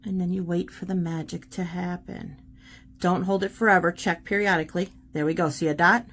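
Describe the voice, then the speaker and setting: A woman's voice: lowish voice, fairly even intonation, a little fast, fairly bright tone, a little hiss or hum. A woman hosting a casual art tutorial, chatting and encouraging while she demonstrates paint pens.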